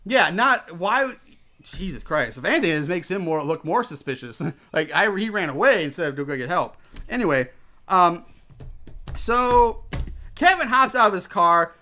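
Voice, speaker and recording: A man's voice: high voice, animated, normal speed, bright, forceful tone. A man casually recapping a movie with a friend, rambling and swearing, laughing often and acting out the characters' lines. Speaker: podcast co-host recapping a film.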